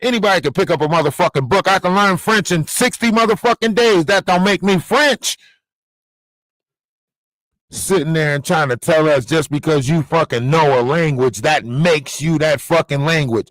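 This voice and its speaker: A man's voice: a little high, moderate pace, fairly bright tone, no echo, low-quality recording. Profane ranting man, dry close sound. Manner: profane, confrontational, scolding. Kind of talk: ranting livestream monologue.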